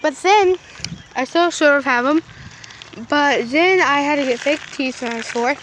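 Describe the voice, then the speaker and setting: A woman's voice: high voice, unhurried, fairly bright tone, a little hiss or hum. A woman vlogger telling a story in a casual, rambling way, full of fillers, with "flippin'" and "effing" in place of swearing.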